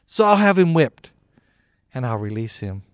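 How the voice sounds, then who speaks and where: A weary, cautious governor, as a storyteller puts him on, speaking in a measured, firm voice in a Bible storybook. The sound is dry and close. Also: male voice, mid-range voice, very animated, no echo, lightly acted.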